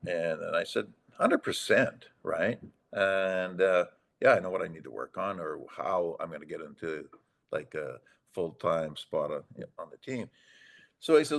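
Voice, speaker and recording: A man's voice: low-pitched, expressive, a little slow, vocal fry. A man in his sixties, a former hockey player, telling rambling anecdotes on a podcast, acting out the dialogue and chuckling often. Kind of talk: casual storytelling chat.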